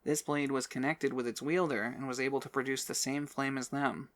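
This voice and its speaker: A man's voice: medium pitch, fairly even intonation, fairly quick, a bit bright, close to an everyday voice. Brief: easygoing, defiant young hero, close to the reader's own voice, read by a man. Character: young man adventurer, cocky and stubborn.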